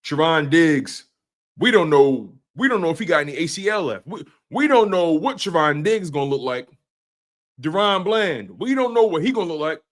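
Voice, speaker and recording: A man's voice: high voice, fairly bright tone. A man hosting a live sports stream, breaking down team news and ranting heatedly at rival fans. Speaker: sports show host.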